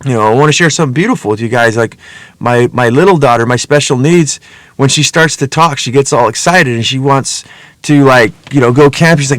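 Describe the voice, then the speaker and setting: A man's voice: medium pitch, fairly quick, dry recording. A middle-aged man hosting a podcast, talking in a casual, rambling, earnest monologue full of swearing. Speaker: podcast host.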